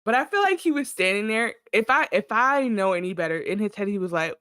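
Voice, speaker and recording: A woman's voice: a little high, animated, fairly quick, a bit bright, smooth, dry recording, clean studio sound. A woman co-hosting a casual TV recap podcast, laughing often and giving her opinions on the scenes. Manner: chatty, laughs often, gives opinions and acts out lines. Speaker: podcast co-host.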